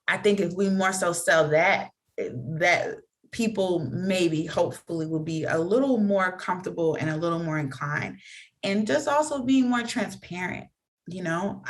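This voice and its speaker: Earnest woman guest, low-pitched, lively quoting. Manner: animated storytelling with quick acted-out quotes; earnest, reflective, filler-heavy talk. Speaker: podcast guest. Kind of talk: candid podcast conversation.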